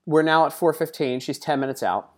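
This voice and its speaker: A man's voice: fairly high pitch, brisk. Chatty man telling a story. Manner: chatty, digressive asides and frequent fillers. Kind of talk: casual first-person storytelling.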